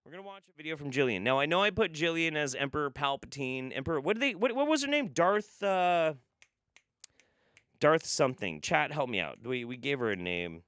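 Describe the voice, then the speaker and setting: A man's voice: fairly high pitch, lively intonation, a little fast, fairly bright tone, clear, resonant tone, no echo. A man hosting a live stream, reacting to videos with sarcastic, rambling, profane commentary. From United States.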